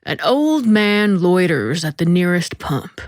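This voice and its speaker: A woman hosting a podcast, reading a short story aloud in a slow, deliberate way that dips into soft whispers. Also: lowish voice, big pitch swings, no room sound, clean studio sound.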